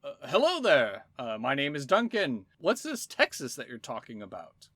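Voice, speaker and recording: A man's voice: mid-range voice, wildly swooping pitch, normal speed, a bit bright, no echo. Man doing a polite, hesitant adventurer. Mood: curious. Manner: hesitant, courteous, starts with "uh". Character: tired, polite male adventurer in a tavern town.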